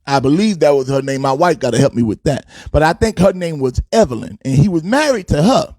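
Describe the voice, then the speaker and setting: A man's voice: a little high, animated, fairly quick, darkish tone, no room sound. A man hosting a casual sports talk show, fired up and preachy, with a sing-song delivery.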